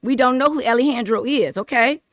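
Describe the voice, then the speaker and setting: Black woman ranting on her vlog, kinda high voice, repeats stuff a lot, dry close sound. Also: brisk, no echo. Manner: rambling and animated, repeats herself, laughs often. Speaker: vlogger. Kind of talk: casual political commentary vlog.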